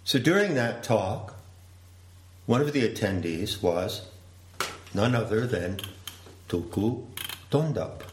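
A man giving a slow, deliberate, reflective storytelling talk. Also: fairly low pitch, expressive, slight background noise. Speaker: speaker. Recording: roomy echo.

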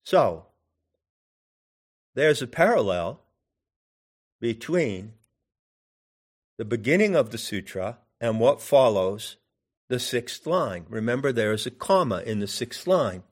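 Slow, deliberate male teacher. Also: mid-range voice, big pitch swings, slightly rough. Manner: deliberate, poses questions to the listener. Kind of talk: meditative teaching talk.

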